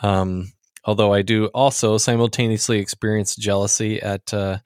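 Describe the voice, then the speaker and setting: A man hosting a casual religious discussion, speaking thoughtfully and often pausing on fillers. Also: fairly low pitch, little pitch movement, clear, resonant tone, no room sound, studio quality. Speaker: podcast host.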